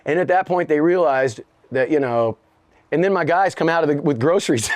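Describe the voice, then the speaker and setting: A high voice with lively intonation, normal speed, and no room sound belongs to a middle-aged rapper in an interview. He tells a profane, laughter-filled story in conversation, impersonating the other people involved.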